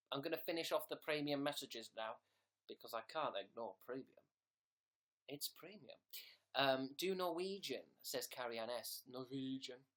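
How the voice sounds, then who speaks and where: A man's voice: medium pitch, fairly bright tone. Young man chatting on a livestream. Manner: reads viewer messages, thanks them by name. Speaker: livestream host. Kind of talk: casual livestream chat.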